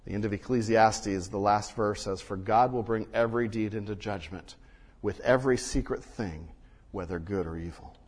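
A man preaching a sermon and reading scripture, swinging between loud emphasis and hushed quiet, recorded in a church sanctuary. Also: fairly low pitch, normal speed, breathy edge. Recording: long reverb of a large hall.

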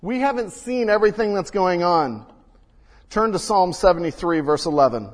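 A man preaching a sermon and reading scripture, swinging between loud emphasis and hushed quiet, recorded in a church sanctuary. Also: sits high, lively intonation, normal speed. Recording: long reverb of a large hall.

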